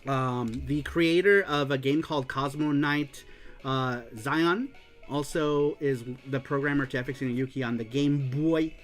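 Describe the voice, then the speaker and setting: A man hosting a casual livestream show, excitedly reading viewer comments aloud and laughing often. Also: medium pitch, measured pace, faint music behind. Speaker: show host.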